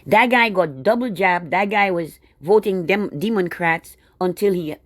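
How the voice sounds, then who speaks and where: A woman's voice: lowish voice, animated, a little slow, dry recording. A woman delivering a casual, indignant monologue straight to her viewers, full of sarcastic asides. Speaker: video blogger.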